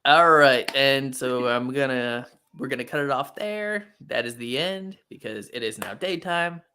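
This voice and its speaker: A man hosting a casual podcast chat with a bright, clear tone. He is easygoing, mostly tossing in short agreements and questions. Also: medium pitch, a little slow. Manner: easygoing, brief agreeing replies. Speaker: host.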